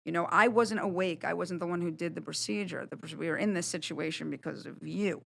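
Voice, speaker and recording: A woman's voice: lowish voice, fairly quick, gravelly, fairly bright tone. A woman, a guest on a studio podcast, speaking bluntly and animatedly about her own experiences, swearing casually. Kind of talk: candid conversational storytelling.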